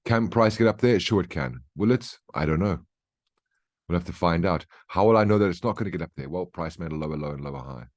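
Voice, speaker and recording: A man with a notably low voice talks through his trades as a chatty market briefing. He explains each step in an easygoing, conversational way and keeps checking in with short questions. The recording is dry and close, with almost no room sound. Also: expressive, fast, dry recording. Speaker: trading educator. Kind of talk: market briefing over charts.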